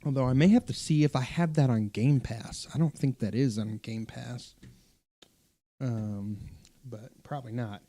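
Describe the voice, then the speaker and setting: A man with a mellow, relaxed tone talks casually on a live stream, reading viewer comments as he goes. His speech wanders, full of fillers and restarts, and he often corrects himself mid-sentence. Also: medium pitch, measured pace. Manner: rambling, self-correcting, many fillers and restarts. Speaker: pastor and streamer hosting a live Q&A.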